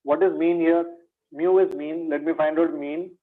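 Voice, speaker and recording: Speaking at normal speed with fairly even intonation, a man with a slightly high voice and an Indian English accent teaches maths exam revision. The online lecture audio is tinny and phone-like, and he fields his own questions while calling students "my dear".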